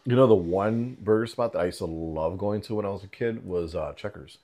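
Man, very low voice, laid-back, casual podcast chat. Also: brisk, mellow. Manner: laid-back, reminiscing, laughs easily. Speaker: podcast co-host.

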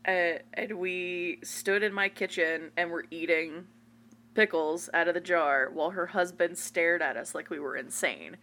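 A woman's voice: on the low side, measured pace. A young woman co-hosting a podcast, swearing freely and laughing through casual stories. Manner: swears freely, lively anecdotes, laughs a lot. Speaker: podcast co-host. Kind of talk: casual chat.

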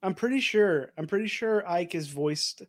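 Man, casual podcast banter, joking, higher voice. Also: lively intonation, moderate pace, no room sound, studio quality. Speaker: podcast co-host. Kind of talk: casual chat.

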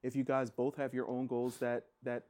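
Dude cohosting a chill podcast, blunt and jokey, gets loud when he's riled. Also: medium pitch, completely flat delivery, normal speed. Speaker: podcast co-host. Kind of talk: casual chat.

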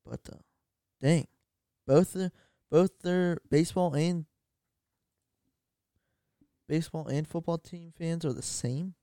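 Young male podcast co-host, excitable rambler, slightly high, mellow, dry close mic. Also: slow, long pauses, smooth, no room sound. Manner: rambling, excitable, self-correcting. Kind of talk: casual sports chat.

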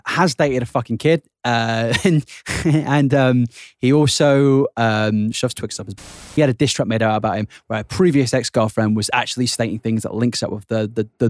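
A man's voice: medium pitch, dry recording, studio quality. A young British man hosting a podcast, chatting casually with lots of swearing and laughter. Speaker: podcast host. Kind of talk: casual chat.

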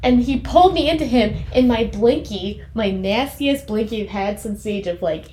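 A woman in her twenties co-hosts a podcast, telling stories in a rambling, casual way with heavy use of "like." Her voice is on the high side, animated and mellow, at a moderate pace, recorded in an echoey room with faint noise.

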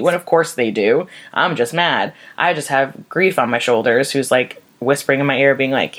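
Low-voiced woman, raw and sweary. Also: moderate pace, few pauses. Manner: raw and emotional, swears freely. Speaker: vlogger. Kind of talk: candid personal monologue.

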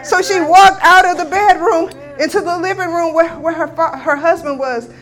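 A woman's voice: extremely high pitch, normal speed. A woman giving a sermon testimony, telling a healing story with emphatic declarations. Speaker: guest speaker.

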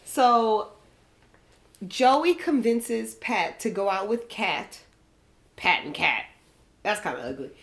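A young woman co-hosting a podcast in casual chat, animated and often laughing as she rants. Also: mid-range voice, takes it slowly, pauses often. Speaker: podcast co-host.

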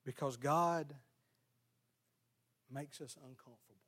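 A male pastor, preaching a sermon in a folksy, storytelling way that builds to loud, fervent exhortation. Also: on the high side, unhurried.

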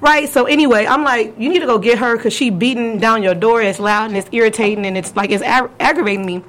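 A young woman from California, hosting a casual chat and telling a story with lively quoted voices. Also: fast talker. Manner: animated, acts out quotes with big pitch jumps. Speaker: podcast host.

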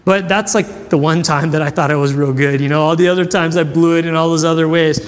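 A man's voice: fairly high pitch, fast. A man preaching a sermon as a pastor, telling a story with acted-out quotes and questions to the crowd. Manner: animated storytelling, acts out quotes, asks audience questions. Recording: long hall reverb.

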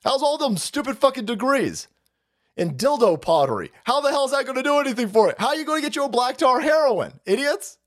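A man's voice: very high-pitched, sing-song, fairly quick. A man hosting a stream, ranting in a profane, mocking way with frequent laughs. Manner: loud, mocking, foul-mouthed, laughing often. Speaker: streamer host. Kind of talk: profane political rant.

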